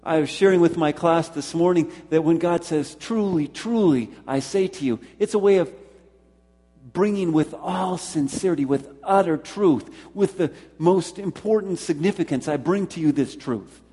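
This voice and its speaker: A pastor delivers a sermon at a normal speed in a husky, mellow voice pitched slightly higher than average. He drives his points home by repeating words and questions the congregation directly, all ringing in a long hall reverb.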